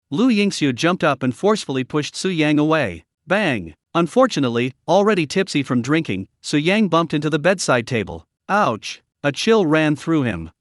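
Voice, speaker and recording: Lively male storytelling narrator. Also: on the high side, dry recording, clean studio sound. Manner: dramatic storytelling.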